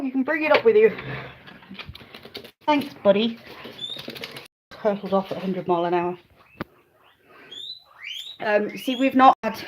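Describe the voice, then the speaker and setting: A woman chats on a live stream from her home, holding her phone close. Her talk is loose and friendly, and she keeps breaking off to call her dogs. Her pitch rises and falls freely in a lively way. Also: measured pace, long pauses, a little hiss or hum. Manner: chatty and easily sidetracked, talking to viewers and calling her dogs. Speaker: livestreaming vlogger. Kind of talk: casual live-stream chat. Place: living room of a rented house, indoors. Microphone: handheld phone, then a phone stand.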